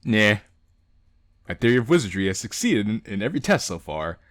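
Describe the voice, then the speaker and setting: A man's voice: on the low side, a little fast, dry recording, studio quality. A young adult man hosting a let's play, reading a visual novel aloud and joking, laughing often. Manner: animated, laughs often, reads and jokes. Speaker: gaming channel host.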